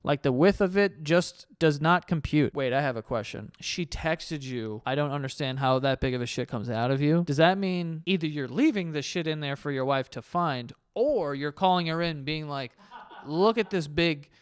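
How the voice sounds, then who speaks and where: A man's voice: on the high side, moderate pace, hardly any pauses, clear, resonant tone, no room sound, studio quality. Profane, incredulous man riffing on confessions. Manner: incredulous, profane, sarcastic asides. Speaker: host. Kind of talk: reading internet confessions with comic riffing.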